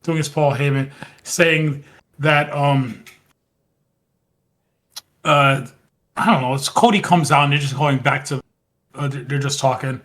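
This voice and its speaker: A man's voice: medium pitch, fairly even intonation, measured pace, long pauses, a bit bright. A man co-hosting a podcast, chatting casually and retelling scenes at a rambling pace with quoted lines. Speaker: podcast co-host. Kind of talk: casual wrestling recap chat.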